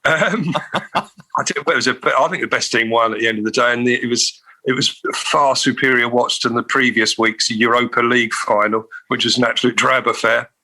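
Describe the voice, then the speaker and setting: A man chatting loosely on a podcast, often laughing and tripping over his words as he gets going. His pitch sits in an ordinary middle range, and he has a bright, forward voice. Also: fairly even intonation, fairly quick. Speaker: podcast co-host. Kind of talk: casual chat.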